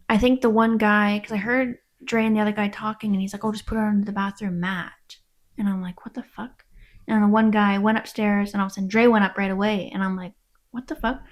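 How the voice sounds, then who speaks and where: A woman, speaking at an ordinary middle pitch, tells her story frankly as an interview guest. She acts out the quoted exchanges and swears casually along the way.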